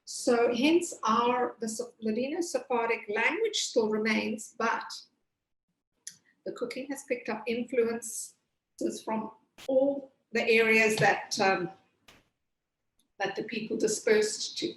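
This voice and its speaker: Chatty pastry chef woman, higher voice. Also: takes it slowly. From Zimbabwe. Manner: chatty, explains step by step with many fillers. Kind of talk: cooking demonstration with chat. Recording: echoey room.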